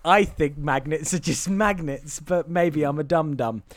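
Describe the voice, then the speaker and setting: A man's voice: on the high side, a little slow, no room sound, clean studio sound. A man, co-host of a podcast, casually recapping a film with lots of ums and restarts. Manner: rambling recap with many fillers.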